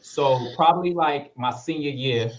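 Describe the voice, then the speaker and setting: A man, a guest actor telling stories in a casual interview, relaxed and full of fillers. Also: on the high side, unhurried, poor audio. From Harlem, New York. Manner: laid-back, full of fillers, lively when retelling.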